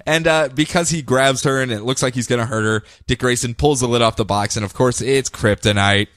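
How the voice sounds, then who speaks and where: A man's voice: medium pitch, fairly quick, a bit bright, no room sound, clean studio sound. A man co-hosting a podcast, recapping comics casually and animatedly, laughing often and acting out quotes. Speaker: podcast co-host.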